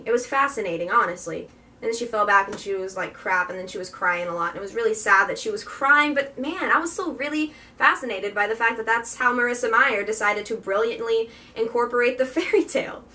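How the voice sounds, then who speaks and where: A woman's voice: on the high side, bright, forceful tone, recorded from a distance. A young woman chatting about a book she loves, rambling and gushing with lots of filler words. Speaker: book vlogger. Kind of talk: casual book review chat.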